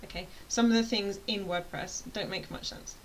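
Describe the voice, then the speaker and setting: A woman's voice: mid-range voice, steady tone, moderate pace, low-quality recording. British woman, online course tutor; rambling, playful, self-interrupting delivery with faint hiss behind her. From United Kingdom. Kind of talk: casual chatty explainer.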